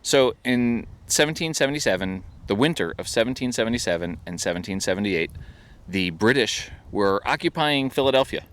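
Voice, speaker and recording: Male podcast host, deep, relaxed, jokey banter recorded outdoors. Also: a little fast, smooth. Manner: joking, laughs easily, many restarts. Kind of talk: casual podcast chat. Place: outdoors at a historical park.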